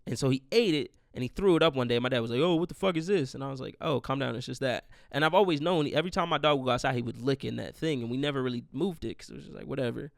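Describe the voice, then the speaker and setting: A man's voice: mid-range voice, very fast, gravelly, hardly any pauses, no room sound, studio quality. A young man hosting his podcast alone, in a profane, rambling rant. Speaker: podcast host. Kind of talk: casual solo monologue.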